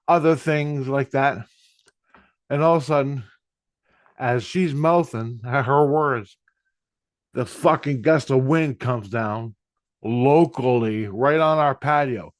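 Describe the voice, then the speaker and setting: This spiritual vlogger is a middle-aged man whose medium-pitched voice moves slowly, broken up by frequent pauses, and there's no echo. He wanders through a profane, blunt personal story about spiritual experiences.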